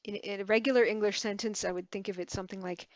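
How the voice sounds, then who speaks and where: A woman teaching a Tibetan lesson, halting and correcting herself as she spells words out syllable by syllable. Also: mid-range voice, steady tone, no room sound, dull audio. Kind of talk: relaxed online language lesson.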